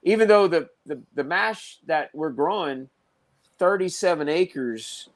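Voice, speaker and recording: A man's voice: fairly high pitch, expressive, measured pace. A man being interviewed as a guest on a casual podcast, rambling through stories with many restarts and fillers and acting out other people's lines as he goes. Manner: rambling, full of "you know" and restarts. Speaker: pepper breeder, guest.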